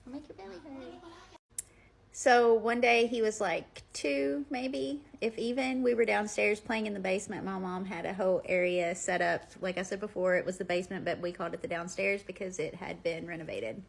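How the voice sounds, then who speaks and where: A woman's voice: medium pitch, steady tone, normal speed, gravelly, hardly any pauses. Rambling woman telling ghost stories. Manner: rambling, full of "like" fillers. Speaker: vlogger. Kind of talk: casual storytelling. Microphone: phone.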